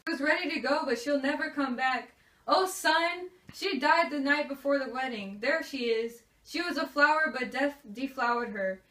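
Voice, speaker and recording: A woman's voice: sits high, normal speed, pushed and bright. A teenage girl playing a grieving nobleman father in a school play, declaiming mournfully. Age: teens. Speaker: student actor. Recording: echoey room, from far off.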